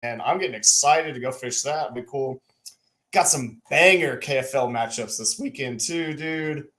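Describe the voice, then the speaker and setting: A man's voice: mid-range voice, moderate pace, a bit bright. A man co-hosts a live fishing show from his home. His talk is loose and slangy as he greets viewers one after another by name over a computer mic. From Texas. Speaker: podcast co-host. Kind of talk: casual livestream chat. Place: home room.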